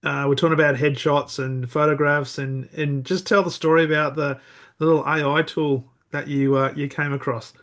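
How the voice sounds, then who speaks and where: A man's voice: on the high side, flat delivery, normal speed, fairly bright tone. A middle-aged Australian man hosting a podcast interview, friendly and chatty, calling people "mate" and laughing easily. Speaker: podcast host.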